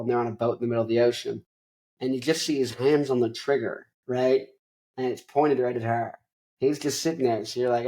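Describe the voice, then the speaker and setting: A man's voice: medium pitch, fairly even intonation, fast, darkish tone, rough recording. Young man rambling through a movie recap. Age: young adult. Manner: rambling, many fillers and restarts. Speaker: podcast host.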